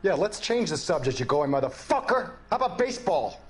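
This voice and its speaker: Casting: bitter suspect, high, agitated voice. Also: male voice, very animated, a little fast, soft background music. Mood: indignant. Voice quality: defensive, bitter. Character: cornered, indignant middle-aged male shopkeeper. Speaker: murder suspect under interrogation.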